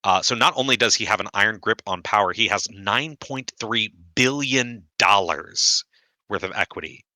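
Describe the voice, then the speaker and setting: Man, lowish voice, very bright and forceful, wry award presenter, dry sound. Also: normal speed, no room sound. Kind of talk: live-streamed mock awards presentation.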